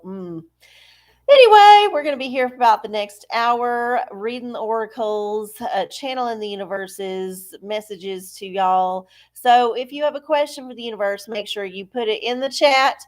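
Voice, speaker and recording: A middle-aged woman, hosting a live stream in a breezy, folksy way and cursing casually. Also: medium pitch. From Texas. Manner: breezy, cussing, folksy, greeting viewers. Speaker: livestream tarot host.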